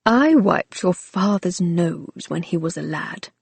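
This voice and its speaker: A woman voicing a gruff older male family servant who is stern but fond, speaking in a clipped, dry way. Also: on the low side, expressive, unhurried, a little mellow, no echo, exaggerated voice.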